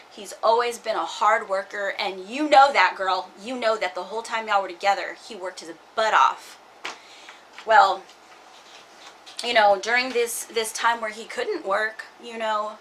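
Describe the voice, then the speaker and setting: A woman in her forties talks at an even middle pitch in a bright, forceful voice. She rambles in run-on asides as she vents in a casual vlog. A faint hiss sits under her voice. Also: poor audio. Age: 40s. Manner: frustrated, talking in loose run-on asides. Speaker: vlogger. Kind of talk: casual personal vlog with scripture reading.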